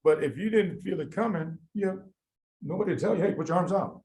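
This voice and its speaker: A man lecturing a room of medical students, firing questions at them and answering them himself. His voice sits a little high and swings widely, jumping up for emphasis and then dropping low and soft for an aside. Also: low-quality recording. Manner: animated, quizzes students, quick asides with sudden quiet drops. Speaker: medical board review lecturer. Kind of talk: live classroom lecture.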